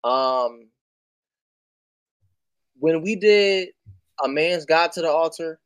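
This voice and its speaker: Animated man on a dry mic. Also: fairly high pitch, dry recording. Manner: animated, quick bursts when excited, many fillers. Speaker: guest. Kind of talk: casual chat.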